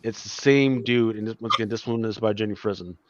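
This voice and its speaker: A man hosting a casual livestream chat, talking in a relaxed, rambling way that often trails off. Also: fairly low pitch, fast, no echo. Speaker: host. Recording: dry, dull lo-fi sound.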